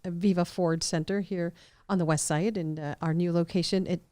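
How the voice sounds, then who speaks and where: A woman hosts a casual podcast interview and asks friendly questions. Her voice is crisp, with a dry, close studio sound. She often repeats her guest's answers back to her. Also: fairly low pitch, steady tone, brisk, mellow, no echo. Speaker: podcast host.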